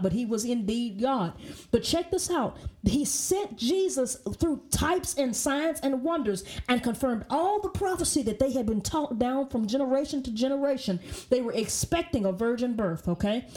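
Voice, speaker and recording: A woman's voice: fairly high pitch, mellow. A woman teaching a Bible study in an emphatic way, often checking in with "okay?" and restarting her sentences.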